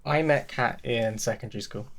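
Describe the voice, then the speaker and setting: A man's voice: mid-range voice, moderate pace, slight background noise. A man hosting a podcast in casual chat, rambling, swearing and laughing often. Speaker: podcast host.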